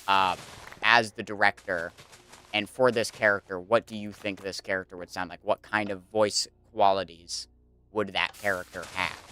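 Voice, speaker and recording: A man's voice: lowish voice, pushed and bright, a little hiss or hum. A young man streaming casually, rambling and thinking aloud with lots of fillers while he plays a building game.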